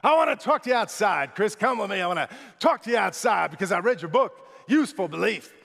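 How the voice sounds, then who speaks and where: A man voicing a brash, proud male businessman in his seventies who talks insistently and loudly, in an echoey large hall. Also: high-pitched, animated, fast, vocal fry, heavily acted. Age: 70s. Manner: insistent, challenging, loud.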